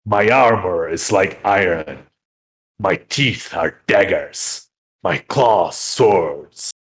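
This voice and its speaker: A man voicing a boastful male dragon on a treasure hoard, speaking in a slow, grandiose way. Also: sits low, lively intonation, voice pushed down, exaggerated voice. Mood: pompous.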